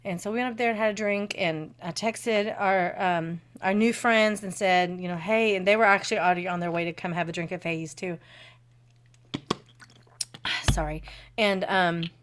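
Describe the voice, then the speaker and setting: A woman co-hosting a podcast in casual chat, animated, swearing freely and laughing often. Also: lowish voice, moderate pace, slight background noise. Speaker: podcast co-host.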